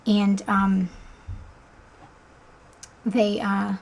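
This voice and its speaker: Young mom, 20s, relaxed casual storytelling, gravelly edge, mid pitch. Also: female voice, extremely slow, rough recording. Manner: chatty, many ums, laughs often. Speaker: mother telling a birth story.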